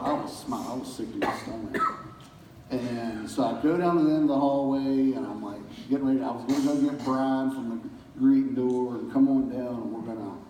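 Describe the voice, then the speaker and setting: A pastor giving a casual church talk, telling folksy stories with chuckles in a community center hall. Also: male voice, medium pitch, a little mellow, slight background noise. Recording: roomy hall from far off.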